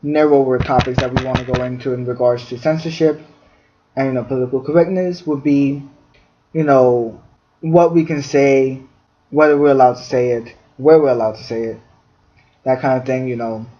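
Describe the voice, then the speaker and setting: A man's voice: medium pitch, steady tone, normal speed, mellow. A man hosting a podcast, reading definitions from a fact sheet with many fillers. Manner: reads definitions aloud, filler-heavy. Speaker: podcast host. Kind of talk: reading facts in a podcast discussion. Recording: dull lo-fi sound.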